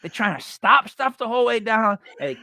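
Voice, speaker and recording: A man in his forties with a bright, forceful voice, rambling and joking as he co-hosts a casual true-crime chat. He talks bluntly and drifts off topic, recorded close and dry with no room sound. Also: very high voice, a little fast, vocal fry, no room sound. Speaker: podcast co-host.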